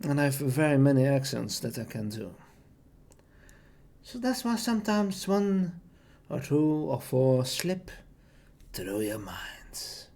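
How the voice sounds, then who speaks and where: Slow, rambling male streamer. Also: medium pitch, sing-song, vocal fry, a little mellow. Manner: rambling, meandering, many fillers and restarts. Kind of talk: casual live-stream chat.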